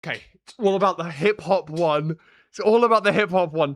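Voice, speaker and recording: A man streaming a game live, talking to himself in repeated short phrases and bursting into loud, sweary frustration. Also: high-pitched, a little fast, no room sound. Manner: swings into loud frustrated outbursts with heavy swearing. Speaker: livestreamer.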